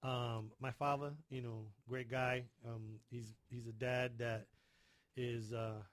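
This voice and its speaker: A man's voice: medium pitch, flat delivery, slow pace. A middle-aged man chatting casually as a podcast host, rambling and repeating words, growing emotional as he talks about family. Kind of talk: casual chat.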